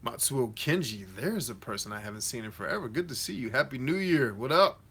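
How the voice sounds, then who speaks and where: A man's voice: medium pitch, animated, fairly quick, fairly bright tone, slightly rough. A man hosting a casual livestream Q&A, answering viewers directly in a slangy, motivational coach tone. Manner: reads viewer comments aloud and answers them directly; slangy and conversational. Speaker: host of a live Q&A stream.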